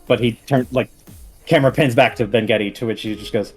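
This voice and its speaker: A man narrates a tabletop game as its game master, in a loose, chatty way with lots of fillers and the odd chuckle. His voice sits at an ordinary mid pitch. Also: fast, breathy edge, soft background music. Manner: casual, chuckling storytelling with many fillers.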